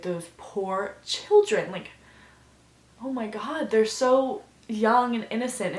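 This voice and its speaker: A woman's voice: medium pitch, fairly bright tone, roomy sound. A woman vlogger giving a casual, effusive review, gushing and filling her talk with fillers.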